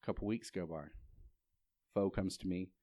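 A man's voice: low-pitched, steady tone, normal speed, dark tone. Man preaching in a chatty storytelling way. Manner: conversational storytelling, frequent restarts; rhetorical questions to the congregation. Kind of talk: sermon.

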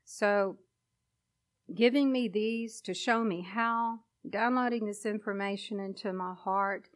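A woman's voice: mid-range voice, slow. A woman preaching a sermon and sharing a personal testimony, with an emotional, emphatic delivery.

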